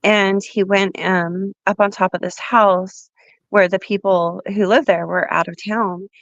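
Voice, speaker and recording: Woman caller, just out of bed, rambling and halting, mid-pitch voice over a dull dry line. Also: fairly even intonation, no echo. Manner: rambling, hesitant, with fillers. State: groggy morning voice. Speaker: caller on a livestream. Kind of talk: casual call-in chat.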